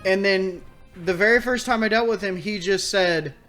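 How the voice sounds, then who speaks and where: A man hosting a let's play, telling a story in casual, animated commentary, exasperated and swearing freely. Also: high-pitched, moderate pace, soft background music.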